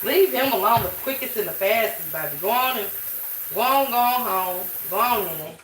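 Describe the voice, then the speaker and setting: A woman's voice: medium pitch, expressive, normal speed, a bit bright, slight background noise. A woman hosting a livestream, reading chat and joking loosely with plenty of swearing. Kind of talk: casual chat. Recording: echoey room, mic at a distance.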